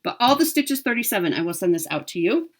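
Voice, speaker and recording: A woman with a medium-pitched voice talks fast, her pitch swinging widely. She's vlogging to camera about her cross-stitch haul and giveaways, chatty and upbeat, with plenty of ums and self-corrections.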